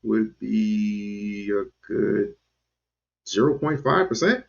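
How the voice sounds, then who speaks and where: A man talks slowly on his own channel, his voice gravelly and fried at the edges. He rambles in a loose, casual commentary, jumping up and down in pitch. The audio is dull and lo-fi. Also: lively intonation. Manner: rambling, with sudden pitch jumps. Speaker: channel host.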